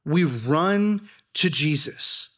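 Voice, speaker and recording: A man's voice: on the high side, lively intonation, extremely slow. A young adult man preaching a sermon as a student pastor, telling a personal story and then building to earnest, urgent emphasis.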